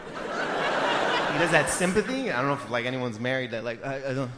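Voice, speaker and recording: A man in his thirties doing a stand-up comedy set, telling animated stories and yelling out impressions of his family. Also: medium pitch, normal speed, heavy background noise. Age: 30s.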